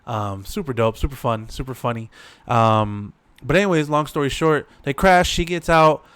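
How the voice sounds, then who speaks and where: A man's voice: mid-range voice, moderate pace, a bit bright, smooth, no room sound. A man giving a loose, slangy recap and reaction to a show, with lots of fillers. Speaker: reaction video host.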